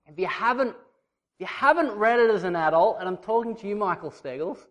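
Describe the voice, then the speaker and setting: Male preacher, high-pitched, casual and direct with his congregation. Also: animated, fairly quick, a bit bright. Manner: conversational, teasing the congregation. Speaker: pastor. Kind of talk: sermon.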